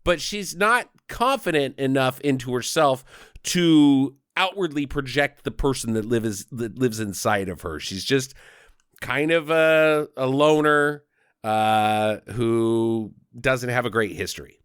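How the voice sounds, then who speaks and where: Animated man co-hosting a movie podcast. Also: medium pitch, unhurried, clear, resonant tone, dry recording, studio quality. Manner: animated, rambling with fillers. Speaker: podcast co-host. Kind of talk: casual movie review chat.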